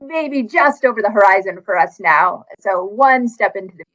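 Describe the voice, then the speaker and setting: A woman author talking casually in an animated, quick way. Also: medium pitch, muffled recording. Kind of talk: casual conversation.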